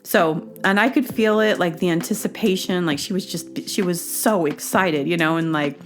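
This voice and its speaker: A woman's voice: lowish voice, normal speed, faint music behind. Chatty woman host telling a story. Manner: chatty, rambling, many fillers and restarts; acts out quoted dialogue with bursts of excited laughter. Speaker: podcast host. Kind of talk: casual storytelling monologue.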